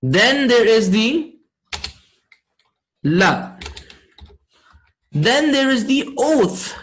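A man teaching a class, explaining slowly and checking in with his students often. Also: very high-pitched, very animated, a bit bright, poor audio. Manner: slow, deliberate explaining. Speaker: Arabic grammar teacher.

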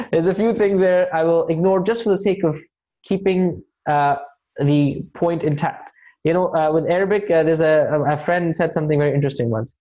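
A man's voice: on the high side, moderate pace, mellow. A man teaching an Arabic grammar class, explaining step by step with patient, encouraging check-ins.

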